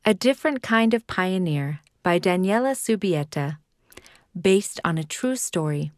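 Low-voiced woman reading a children's story. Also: animated, unhurried, no room sound, studio quality. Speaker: narrator. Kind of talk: scripted narration of a children's story.

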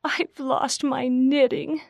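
A woman putting on an emotional young pioneer girl in a storybook reading, with a voice pitched well above her own and dry, close sound. Her voice rises high and pleading. The sound is close with no room around it. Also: level tone, slow, gravelly, a little mellow, no room sound, muffled recording, heavily acted. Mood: distressed.

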